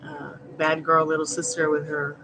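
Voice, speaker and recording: A woman's voice: sits low, completely flat delivery, moderate pace, music in the background, poor audio. A woman doing a live tarot reading, chatting and rambling with viewers, laughing often. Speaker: tarot reader. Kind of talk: live-stream chat with viewers.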